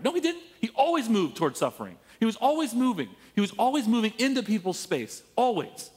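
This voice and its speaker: Animated pastor preaching in an echoing hall. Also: male voice, high voice, normal speed, slightly rough. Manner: animated storytelling with playful asides and laughs. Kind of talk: sermon. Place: church sanctuary. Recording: long church hall reverb.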